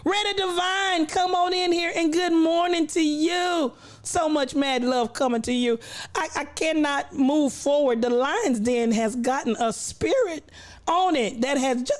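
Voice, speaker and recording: A woman hosting a casual livestream, bantering with her chat in a playful, churchy cadence and laughing often. Her voice sits a little high for a woman and sounds slightly worn, as if she is getting it back after losing it. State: recovering voice, coughing. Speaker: livestream host.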